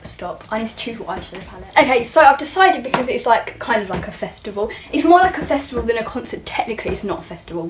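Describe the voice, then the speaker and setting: A woman's voice: medium pitch, noisy background. A young woman vlogger talking through a makeup tutorial in a chatty, self-mocking way, sometimes dropping to a near-whisper. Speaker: beauty vlogger. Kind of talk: casual makeup tutorial chat.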